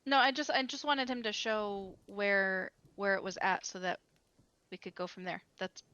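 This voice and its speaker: A woman playing in a tabletop game, talking in an unhurried, hesitant way. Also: mid-range voice, steady tone, pushed and bright, clean tone. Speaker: player. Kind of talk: casual tabletop role-play. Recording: dull lo-fi mic.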